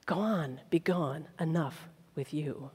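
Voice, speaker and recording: A woman's voice: mid-range voice, animated, brisk, voice pushed down, close to an everyday voice. A woman playing a curt, scolding king. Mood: stern. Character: stern, angry king, a man. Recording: long hall reverb.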